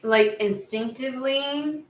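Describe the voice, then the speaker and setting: A woman's voice: sits high, slow pace, roomy sound, distant mic, a little hiss or hum, poor audio. A woman giving a casual spoken tarot reading, rambling and searching for words with many fillers. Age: under 70. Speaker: tarot reader.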